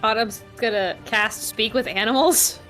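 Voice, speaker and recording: Slow-talking woman playing a tabletop game. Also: on the high side, fairly bright tone, soft background music. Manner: hesitant, many fillers and giggles. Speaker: player.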